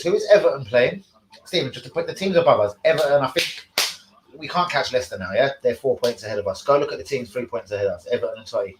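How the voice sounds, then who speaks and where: A man's voice: mid-range voice, fast, echoey room, background noise. Sweary man live-streaming football chat. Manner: sweary, excitable, talks to chat.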